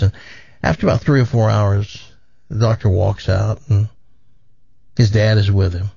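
A man hosting a radio show, telling a long joke in a drawn-out storytelling way. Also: fairly low pitch, vocal fry, darkish tone, no room sound. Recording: slightly dull radio audio, dry.

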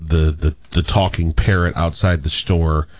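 A man co-hosting a radio talk show, chatting casually and telling a long joke with lively delivery. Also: low voice, normal speed, no room sound, highs cut off. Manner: animated joke-teller, acts out voices in the story.

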